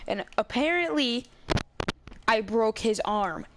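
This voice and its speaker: A man's voice: extremely high pitch, lively intonation, slow, background noise. A male YouTuber telling a storytime vlog in a rambling, casual way, full of restarts and swearing. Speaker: YouTube gamer channel host.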